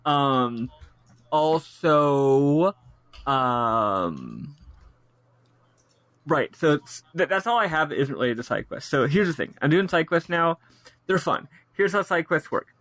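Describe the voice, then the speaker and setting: A man co-hosting a casual game podcast, talking in an animated way and laughing at his own complaints. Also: a little high, takes it slowly, no echo. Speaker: podcast co-host.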